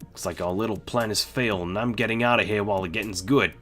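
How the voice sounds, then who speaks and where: A man voicing a furious male villain with a bomb, shouting in a put-on New York accent. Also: quick pace, faint music behind, close to an everyday voice. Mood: raging. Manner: shouting, high and strained.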